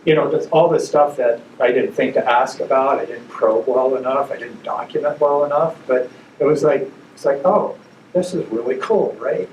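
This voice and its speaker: A man's voice: mid-range voice, fairly even intonation, moderate pace, darkish tone, highs cut off. A man speaks at a ceremony in a loose, conversational way, working through a story with small restarts. He is picked up from some distance in an echoey hall. A faint hum of room ambience sits underneath. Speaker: ceremony speaker, chiropractic doctor. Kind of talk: speech at a pinning ceremony. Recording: echoey hall, far from the mic.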